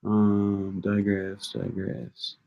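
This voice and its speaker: A man's voice: on the low side, completely flat delivery, very slow, dull audio. A young man on a casual live-stream study session, thinking aloud and repeating pronunciations as he works through his notes. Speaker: language-learning streamer.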